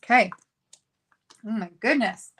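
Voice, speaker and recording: A woman's voice: a little high, measured pace, fairly bright tone, slightly rough. Chatty woman crafting on camera. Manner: chatty, thinks aloud while working. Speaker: card-making video host. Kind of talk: casual crafting tutorial chat.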